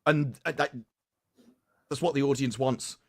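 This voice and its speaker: A man with a mid-pitched voice co-hosting a livestream, talking in long rambling stretches. He often repeats his first words and chuckles at his own stories. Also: fairly even intonation, measured pace, no room sound, studio quality. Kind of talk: casual chat.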